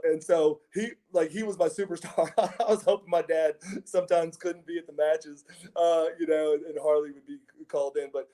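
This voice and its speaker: A man's voice: fairly high pitch, dark tone. A middle-aged man, a former pro wrestler, giving an interview, telling stories casually with many repeated words, restarts and chuckles. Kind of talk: casual anecdotal storytelling.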